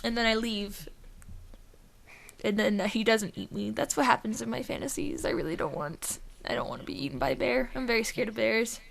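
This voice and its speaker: A woman's voice: a little high, a little fast, gravelly. A woman co-hosting a casual gaming podcast, chatty, laughing often and swearing freely. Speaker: podcast co-host. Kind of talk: casual chat.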